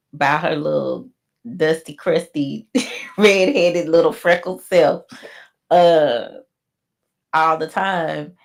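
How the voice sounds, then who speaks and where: A woman co-hosting a podcast, giving a slow, reflective, faith-based closing message with many pauses. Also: low-pitched, creaky. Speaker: podcast co-host.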